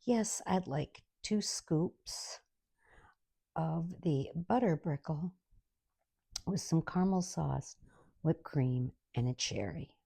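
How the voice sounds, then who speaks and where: An older woman tells an exasperated, sarcastic comic story. Her voice is low, husky and gravelly, with a mellow tone. The sound is close and dry. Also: expressive, slow, pauses often, no echo. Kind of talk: comic rant monologue.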